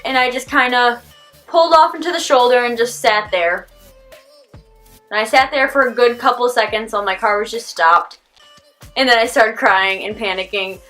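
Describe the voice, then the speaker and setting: A teenage girl vlogger telling a story casually, rambling with lots of "like" and animated quoted reactions. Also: on the high side. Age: teens. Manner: animated, rambling, heavy use of "like".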